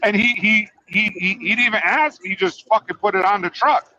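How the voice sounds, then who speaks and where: High-voiced, profane trucker host. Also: male voice, a little fast, sharp tone. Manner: profane, rambling, teasing. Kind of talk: casual chat. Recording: dull lo-fi audio.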